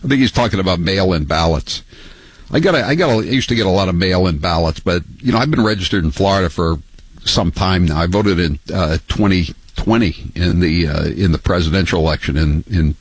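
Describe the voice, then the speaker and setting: An older man hosting a talk radio show, talking in a halting way with many fillers and mocking asides. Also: sits low, breathy edge, dry recording, poor audio. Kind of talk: talk radio monologue and calls.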